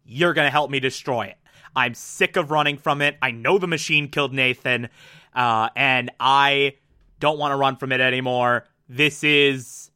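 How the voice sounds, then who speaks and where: A man's voice: mid-range voice, normal speed, bright, forceful tone, clean tone, no room sound, studio quality, voice pushed down. Man doing a grim, embittered woman. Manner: grim, intense, determined. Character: embittered woman driven to destroy a machine.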